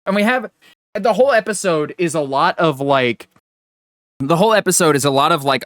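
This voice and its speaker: A young adult man co-hosting a podcast, talking in casual, rambling chat that is animated and full of restarts. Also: a little high, fairly quick, dry recording, studio quality. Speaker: podcast co-host.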